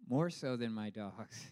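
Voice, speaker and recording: A male pastor delivering a lively sermon with humor, building up for emphasis and then dropping low and quiet. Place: church hall. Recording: long hall reverb.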